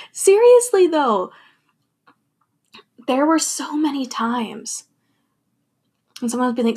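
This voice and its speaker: Husky-voiced woman reflecting candidly. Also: sits high, lively intonation, slow, pauses often. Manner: candid, thoughtful, laughs now and then. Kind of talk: personal reflective monologue.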